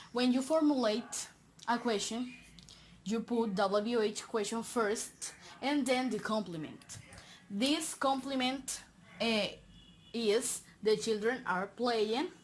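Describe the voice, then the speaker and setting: Young female student presenter, hesitant and slow, slight background hiss. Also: a little high, low-quality recording. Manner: slow and hesitant, many fillers and self-corrections. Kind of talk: class presentation.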